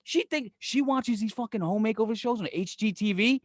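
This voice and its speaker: A higher-pitched man with a New York accent tells profane stories on a podcast, acting out every quote and laughing as he goes. The sound is dry and close, with no room echo. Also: a little fast. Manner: animated storyteller, acts out quotes, profane, laughs often. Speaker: podcast co-host. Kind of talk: casual podcast banter.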